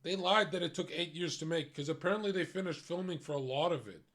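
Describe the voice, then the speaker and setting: A man's voice: a little high, fast talker, a bit bright. A young man streaming, talking in a blunt, profane, ranting way about a film. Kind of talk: casual chat.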